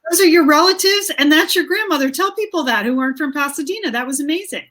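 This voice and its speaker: Woman host, high voice, bright and forceful, chatty questions. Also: expressive, fast. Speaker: interviewer host. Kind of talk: casual conversational interview.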